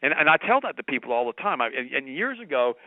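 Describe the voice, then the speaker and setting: Casual: guy in his late 50s calling in, talks fast and rambles, sounds like a phone line. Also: medium pitch, very animated, dry recording. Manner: rambling and candid, many restarts and asides. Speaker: radio show guest. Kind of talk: casual phone chat, long storytelling. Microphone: telephone. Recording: dry tinny phone line.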